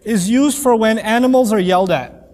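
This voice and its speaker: A man teaching a lecture on Quranic Arabic, animated and playful, acting out quoted voices as he explains. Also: high-pitched, normal speed, long reverb tail.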